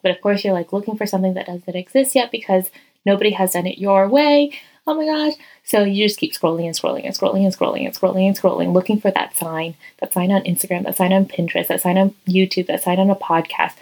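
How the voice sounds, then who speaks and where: A woman's voice: medium pitch, a little mellow, low-quality recording. Heartfelt chatty woman podcaster. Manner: heartfelt, chatty, many "like" fillers, dips into whispers. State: teary-eyed. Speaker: podcast host and coach. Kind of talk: casual solo podcast talk. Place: guest bedroom at home. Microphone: close podcast mic, crouched over it.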